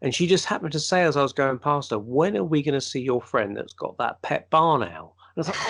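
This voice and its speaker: A man's voice: on the high side, fairly quick, vocal fry, hardly any pauses. A man co-hosting a podcast, telling a long personal story in casual chat and acting out the voices of the people in it. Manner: animated storyteller, acts out quoted speech. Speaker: podcast co-host.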